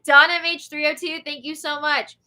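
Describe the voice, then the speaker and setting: This young woman hosts a livestream and reads viewer comments aloud, chatty and giggly, with lots of filler words. Her voice is high and sharp with a flat delivery at normal speed, and she has a sore throat.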